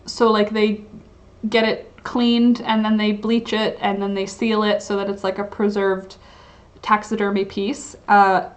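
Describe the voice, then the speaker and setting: A woman's voice: mid-range voice, little pitch movement, unhurried. A young woman hosting a casual livestream, chatting and reading chat comments, rambling with lots of "like" and "um". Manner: rambling, filler-heavy, frequent "like" and "um".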